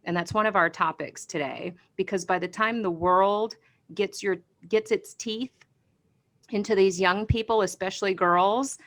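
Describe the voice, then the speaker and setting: A woman guest on a podcast, talking in a bubbly, animated way that turns passionate and emphatic, and laughing easily. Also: mid-range voice, a little slow. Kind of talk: casual conversation.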